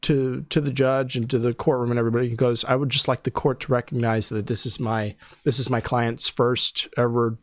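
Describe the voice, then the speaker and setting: A man's voice: medium pitch, level tone, fairly quick, hardly any pauses, no echo. Male podcast host, indignant and profane storyteller, dry bedroom-studio sound. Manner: exasperated, swearing, often breaks into disbelieving laughter. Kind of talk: casual podcast chat.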